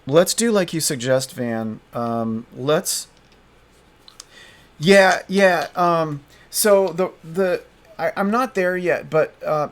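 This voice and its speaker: A man playing a tabletop game solo, narrating as he thinks aloud, halting and restarting often. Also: on the high side. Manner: halting, hesitant, frequent restarts.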